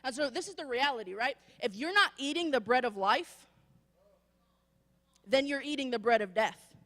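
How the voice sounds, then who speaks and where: A woman preacher giving a lively sermon in a church, acting out voices as she tells stories. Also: high voice, moderate pace, big-room sound. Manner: animated storytelling, acts out voices. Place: church sanctuary.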